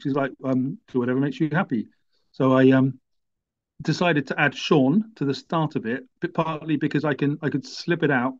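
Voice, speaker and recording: A middle-aged man who stutters, telling his story in a wry, self-deprecating way. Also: mid-range voice. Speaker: guest. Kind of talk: conversational storytelling. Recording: dull lo-fi sound.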